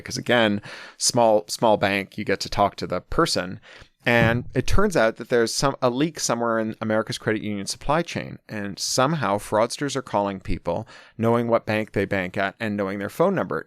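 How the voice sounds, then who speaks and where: A man's voice: on the low side, clean tone, dry recording, clean studio sound. A middle-aged man telling a long personal story in a casual way, quoting the people he talked to. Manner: animated anecdote-telling, quoting people in his own voice. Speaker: interview guest.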